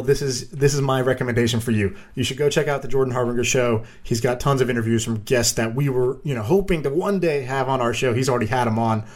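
A man's voice: medium pitch, darkish tone. A man hosting a podcast, asking questions in an easygoing, enthusiastic way. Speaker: podcast host. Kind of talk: casual podcast chat.

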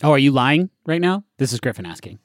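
A man's voice: mid-range voice, lively intonation, fast talker, no echo. A man acting as game master in a tabletop game, easygoing, with dry humor.

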